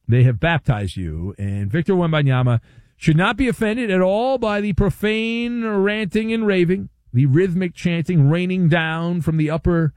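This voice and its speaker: A man's voice: fairly high pitch, darkish tone, dry recording. A man hosting sports talk radio, delivering a playful, wry monologue with hammy emphasis.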